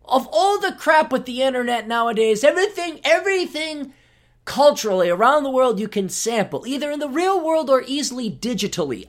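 Very animated and fairly quick, a man reads an article on his podcast and rips it apart sarcastically. When he turns indignant, his mocking voice shoots high.

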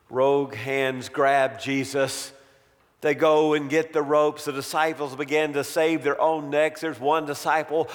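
Unhurried male preacher, dramatic storyteller; sermon recorded with a long hall echo. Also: fairly high pitch. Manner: dramatic storytelling, trailing off to near-quiet.

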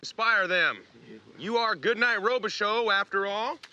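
A man's voice: high-pitched, measured pace, sharp tone, highs cut off, full character voice. An actor playing a commanding gunfighter rallying his hired men in a film.

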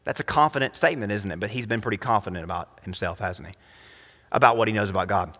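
Bright-voiced pastor preaching in a hall. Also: male voice, quick pace. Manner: emphatic, swings between loud highs and quiet lows. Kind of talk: sermon. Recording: long reverb of a hall.

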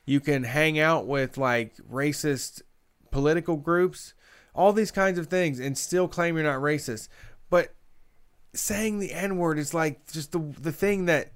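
A man co-hosting a casual chat show, talking emphatically and fast with many fillers. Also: on the high side, clean tone. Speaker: podcast co-host.

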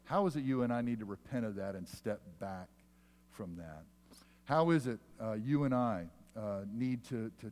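Man, pastor mid-sermon; mid-pitched voice in a reverberant church, animated storytelling that drops to quiet, slow emphasis. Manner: animated storyteller, rising loud for punchlines, then dropping soft and slow. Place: church sanctuary. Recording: long hall reverb.

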